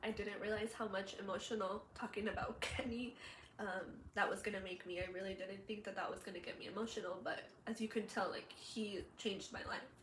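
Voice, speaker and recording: A woman's voice: medium pitch, steady tone, brisk, a bit bright. A young woman telling a personal story in a vlog, chatty with many fillers, emotional and laughing through tears. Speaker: vlogger. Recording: roomy echo, faint background hum.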